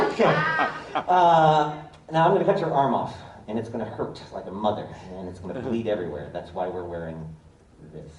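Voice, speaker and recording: A man's voice: on the low side, animated, fairly quick, distant mic, very noisy. A man performing a live comedic stage demonstration, ad-libbing and joking with the crowd. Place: indoor theater stage. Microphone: audience camera from afar. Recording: echoey theater recorded from the audience.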